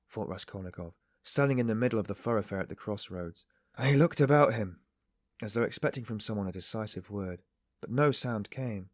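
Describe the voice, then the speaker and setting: Male narrator, measured reading, deep-ish tone. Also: dry recording, clean studio sound. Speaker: audiobook narrator. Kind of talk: scripted narration.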